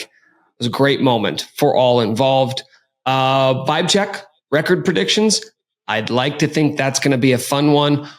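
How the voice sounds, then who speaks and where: A man hosting a casual sports podcast, talking in an energetic, joking way. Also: medium pitch. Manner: energetic, hyped, jokey. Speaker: podcast host.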